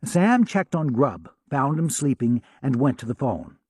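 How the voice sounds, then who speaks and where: A man reading a novel aloud as an audiobook narrator, steady and expressive. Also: mid-range voice, a little slow, slightly rough, no echo, clean studio sound. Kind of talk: scripted narration.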